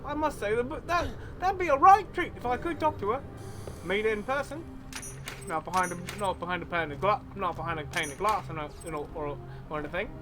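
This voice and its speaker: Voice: medium pitch, animated, a little fast, music in the background. A streamer commentating a live game in a put-on mix of Cockney and Australian accents, rambling and repeating phrases with self-amused asides.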